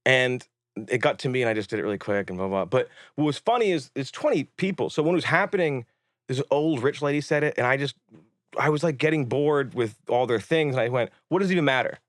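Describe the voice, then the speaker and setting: Male filmmaker guest, rapid-fire animated storyteller, mid-range voice, dry close mic. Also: mid-range voice, no echo. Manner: animated storyteller who acts out others' lines, swears casually. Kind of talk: casual podcast chat.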